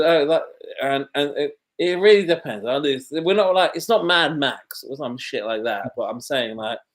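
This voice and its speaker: A man with a London accent, talking in a casual conversation, blunt and rambling, with many false starts. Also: medium pitch. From London, England.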